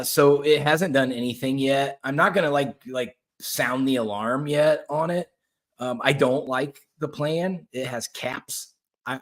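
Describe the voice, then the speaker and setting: A man's voice: lowish voice, fairly bright tone. A middle-aged man hosting his own podcast, talking bluntly and ramblingly in casual political commentary, swearing freely. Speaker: podcast host.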